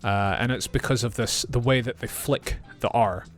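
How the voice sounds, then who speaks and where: A man with a northeast Scottish accent, an English teacher reacting to accent clips, speaking clearly and patiently. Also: medium pitch, moderate pace. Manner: clear, patient, repeats phrases. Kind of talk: reaction video, explaining accents.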